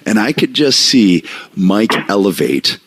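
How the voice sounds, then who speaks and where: A man's voice: lowish voice, very animated, unhurried, fairly bright tone, dry recording. A man co-hosting a podcast, reminiscing in a rambling, casual way with frequent restarts. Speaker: podcast co-host. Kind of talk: casual chat.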